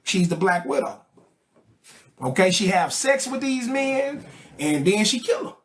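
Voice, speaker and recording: A man's voice: high voice, very animated, measured pace, slight background noise. A man teaching a study group in a casual, joking way, full of slang and checks like "okay?" and "right?". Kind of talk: casual explanatory lecture.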